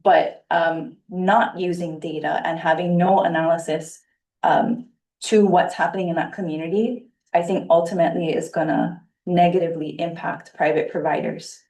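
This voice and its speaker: A woman board member giving measured, thoughtful remarks at a public meeting, with frequent fillers. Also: lowish voice, fairly even intonation, a little mellow. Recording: echoey room, distant mic.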